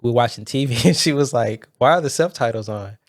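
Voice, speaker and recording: A man's voice: medium pitch, brisk, dry recording, clean studio sound. A man co-hosting a casual chat podcast, telling stories with lots of laughter and quoted voices. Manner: animated storyteller, laughs often, mimics voices in anecdotes.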